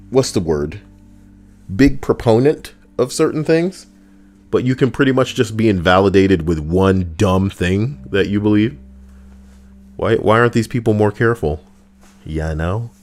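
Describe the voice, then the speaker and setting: A livestream host with a lowish, slightly mellow voice reads posts aloud and riffs on them with crude, sarcastic jokes, speaking into a close desk mic.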